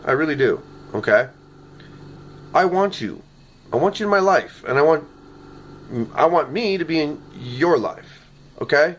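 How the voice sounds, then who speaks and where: Man, rambling earnest phone video message, lively up-and-down delivery, faint background hiss. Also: fairly high pitch, unhurried, pauses often. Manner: earnest, repeats "okay?" often. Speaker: vlogger recording a message. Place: his apartment. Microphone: phone camera.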